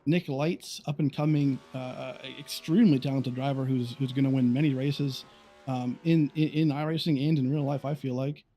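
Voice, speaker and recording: Mellow, rambling race analyst. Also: male voice, medium pitch, fairly even intonation, normal speed. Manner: rambling, with many restarts and fillers. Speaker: color commentator. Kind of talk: sim racing color commentary.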